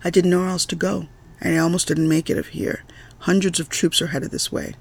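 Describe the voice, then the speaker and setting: A man voicing a tired, weary priest in a storybook reading. The voice has a gravelly, husky rasp and sits a bit high. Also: little pitch movement, fairly quick, full character voice. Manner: worn out.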